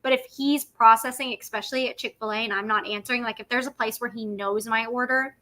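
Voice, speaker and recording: A woman hosting a casual livestream chat, talkative and quick to laugh. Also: a little high, steady tone, pushed and bright. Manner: chatty, laughs often. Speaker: livestream host.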